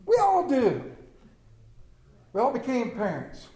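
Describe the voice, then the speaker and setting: A man's voice: very high voice, huge pitch swings, takes it slowly, dark tone, roomy sound. A middle-aged man preaching a humorous sermon to a congregation, telling family stories with jokes and asides. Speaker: pastor. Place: church sanctuary.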